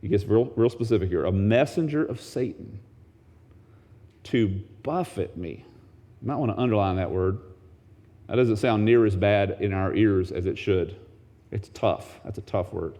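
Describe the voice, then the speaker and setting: A man preaching a sermon as pastor, reading scripture aloud and shifting from low, quiet asides to high, excited bursts. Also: moderate pace.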